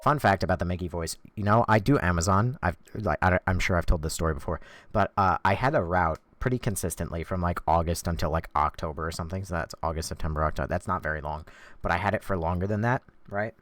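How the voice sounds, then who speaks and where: A man's voice: low-pitched, fast, dry recording. A man chatting and joking as he plays a video game and reads chat. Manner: animated, jokey, chatty. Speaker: game streamer. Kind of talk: casual gameplay commentary.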